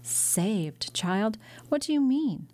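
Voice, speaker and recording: A woman's voice: mid-range voice, very animated, slow, darkish tone, pitched above the performer's own voice. A woman reading an audiobook, voicing a desperate older merchant father with urgent, disbelieving lines.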